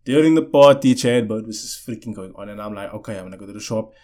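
His voice is fairly low and mellow, and he talks fast and expressively. The young vlogger rambles through a story for viewers, frequently breaking off to restart sentences and repeatedly asking "you know what I'm saying."

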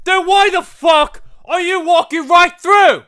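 A man impersonating a furious male movie star who shouts, swears and repeats himself over and over. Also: very high voice, slow pace, pitched above the performer's own voice, exaggerated voice. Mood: furious shouting.

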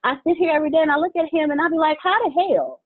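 A woman's voice: high voice, level tone, very fast. A woman chatting candidly in casual talk, laughing and repeating phrases. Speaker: co-worker of the host. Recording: tinny phone-like line.

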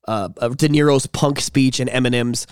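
A man's voice: medium pitch, fairly even intonation, normal speed, smooth, no room sound, studio quality. A man hosting a podcast, ranting in a heated, profane way in casual chat. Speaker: podcast host.

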